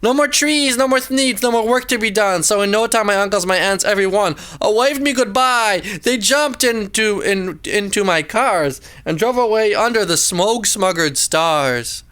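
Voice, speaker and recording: Man narrating a rhyming storybook, high bright voice, sing-song and dramatic. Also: expressive, normal speed, few pauses, clean tone. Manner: sing-song rhyming delivery, pitch swooping up and down.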